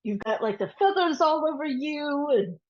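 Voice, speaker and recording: A woman's voice: high voice, moderate pace. A woman guest on an interview show, telling a story and animatedly acting out the voices of the people in it. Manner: animated, quotes voices as she tells. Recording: dull lo-fi audio.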